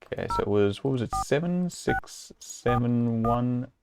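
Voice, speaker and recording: A man's voice: mid-range voice, expressive, unhurried, vocal fry, background noise. A man streaming a point-and-click adventure, chatting casually and thinking aloud as he works through puzzles, with amused chuckles. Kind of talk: casual let's-play commentary.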